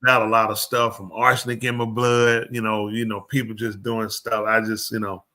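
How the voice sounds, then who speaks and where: A man's voice: fairly low pitch, normal speed. A man, telling stories in a casual chat and acting out the quoted exchanges. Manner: animated, acts out quoted exchanges. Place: live show studio.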